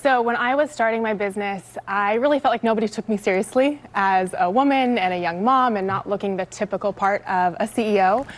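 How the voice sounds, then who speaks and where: A woman in her thirties, a leadership coach appearing as a studio guest, who explains her points clearly and backs each one with an example. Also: mid-range voice, brisk, few pauses. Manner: clear, instructive, gives examples. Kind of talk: studio interview.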